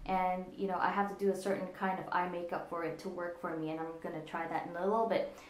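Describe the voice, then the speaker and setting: A woman's voice: on the low side, level tone, fast talker. A woman talking through a casual makeup tutorial, explaining each step as she demonstrates it on herself at her desk. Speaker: makeup vlogger. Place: indoors at a desk with a monitor. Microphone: computer camera in front of her. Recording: echoey room.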